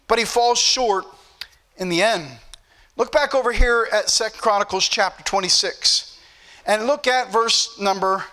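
High bright-voiced preacher man. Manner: preachy, repetitive emphasis. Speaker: pastor. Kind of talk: sermon.

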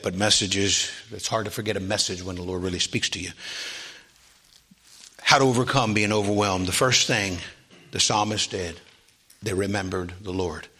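Bright-voiced preacher man building to a shout. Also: husky. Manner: builds to loud, high, drawn-out preaching with call-and-response; asks the congregation for amens. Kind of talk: sermon.

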